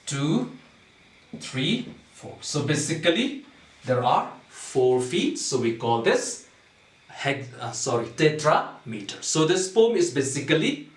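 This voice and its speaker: A male teacher walks a class through poetic meter, repeating each point and stopping to ask "okay?". He speaks very slowly and deliberately. His voice sounds distant from the mic in an echoey room. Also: fairly high pitch, big pitch swings. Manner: slow, repetitive, checks understanding with "okay?".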